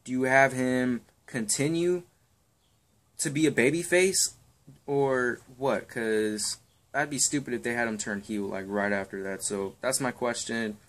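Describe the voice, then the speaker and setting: A man's voice: mid-range voice, unhurried, fairly bright tone. Rambling, crude young man. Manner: rambling, crude and offhand, lots of ums and swearing. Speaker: wrestling predictions vlogger. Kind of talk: casual chat.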